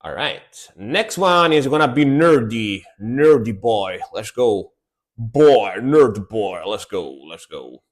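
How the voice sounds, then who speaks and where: A man's voice: mid-range voice, lively intonation, takes it slowly. A man streaming music reactions, talking casually and laid back and repeating words for emphasis.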